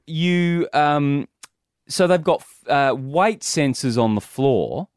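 A man's voice: a little high, lively intonation, slow, smooth, no room sound. Middle-aged man, dry studio sound. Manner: rambling, restarts, chuckling asides. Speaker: radio breakfast host. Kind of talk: casual on-air banter. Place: radio studio. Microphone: studio broadcast mic.

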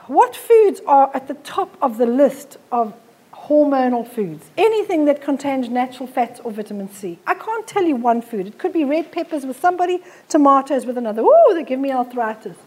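A woman's voice: sits high, very animated, moderate pace, darkish tone. A middle-aged woman, giving a blunt, forthright live health talk to an audience on a handheld mic. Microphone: handheld microphone.

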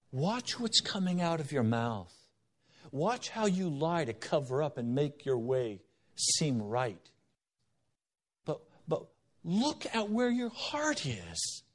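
A middle-aged man preaching a sermon, moving from stern warnings to storytelling. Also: medium pitch. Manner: earnest, shifting between stern warning and storytelling. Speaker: pastor.

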